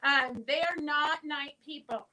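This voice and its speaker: Chatty woman host, high and bright, reading viewer comments on a live sale. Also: a little slow, low-quality recording. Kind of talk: casual live-stream sales chat.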